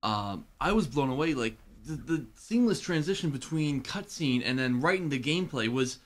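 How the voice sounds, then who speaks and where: A man's voice: medium pitch, expressive, moderate pace. A man co-hosting a casual podcast, chiming in with short agreements in an easygoing way. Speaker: podcast co-host.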